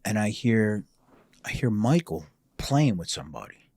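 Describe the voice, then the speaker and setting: A man telling a story as a podcast guest, animated and profane, acting out the dialogue as he goes. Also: fairly low pitch, a little slow. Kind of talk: casual storytelling.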